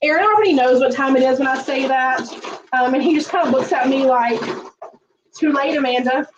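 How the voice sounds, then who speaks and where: A woman's voice: high voice, fast talker, far from the mic, dull audio, noisy background. A woman hosting a home cooking livestream, chatting folksily to viewers with lots of ums. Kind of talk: casual livestream chat while cooking. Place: home kitchen.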